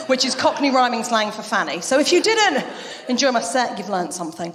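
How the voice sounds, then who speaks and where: A woman performing a live stand-up set on a theatre stage, telling jokey stories with big swings in her voice. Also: brisk. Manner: animated, jokey storytelling with big pitch swings. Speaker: stand-up comedian. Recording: roomy live venue sound.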